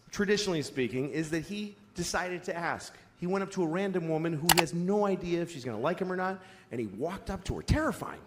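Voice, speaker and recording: High, expressive stand-up comic on a roomy stage. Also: male voice, slight background noise. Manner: musing, building to emphatic outbursts. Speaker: stand-up comedian. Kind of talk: stand-up routine.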